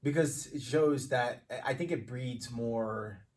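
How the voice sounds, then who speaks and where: A man's voice: medium pitch, slow, darkish tone, far from the mic. A young man co-hosting a podcast, chatting casually, swearing freely and repeating himself. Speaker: podcast co-host. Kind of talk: casual chat.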